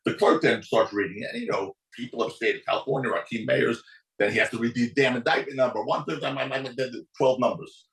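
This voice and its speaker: A man with a creaky voice speaks a little fast as a podcast's guest attorney, telling a courtroom story and acting out its people with big pitch swings. The studio is echoey and the recording quality is low.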